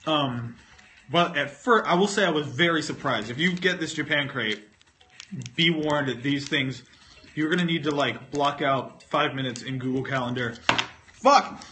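Man on a phone livestream, rambling casual chat, chewing while talking, swears a lot, bright forceful voice, fairly high. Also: moderate pace, slight background noise. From North Carolina, US. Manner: rambling, self-mocking, swears freely, talks with food in mouth.

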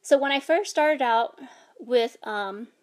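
A woman with a high voice speaks slowly as she teaches a language lesson. She patiently explains and sounds out vowels and tones in an instructional way.

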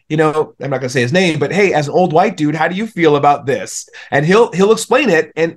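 Animated young man telling stories. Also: fairly high pitch. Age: young adult. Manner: storytelling, animated when quoting others. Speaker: podcast guest. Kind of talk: casual conversation.

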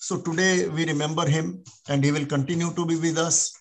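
A man giving a solemn, measured memorial tribute over a video call. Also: fairly high pitch, fairly even intonation, gravelly. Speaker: meeting speaker paying tribute.

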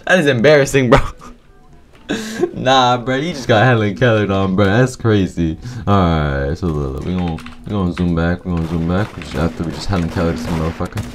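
A man's voice: low voice, brisk, soft background music. A man giving casual, profane gameplay commentary, full of slang and trash talk as he plays. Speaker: gaming YouTuber.

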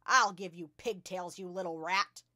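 A woman voicing a huge, cruel headmistress who barks and shouts at a child. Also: on the low side, unhurried. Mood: barking fury. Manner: barking, shouting.

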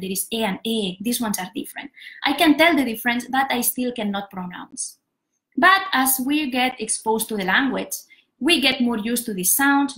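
A young woman with a bright, clear, somewhat high voice, teaching a live pronunciation lesson. She explains patiently, step by step, with plenty of examples. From Catalonia, Spain. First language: Catalan. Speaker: Spanish teacher.

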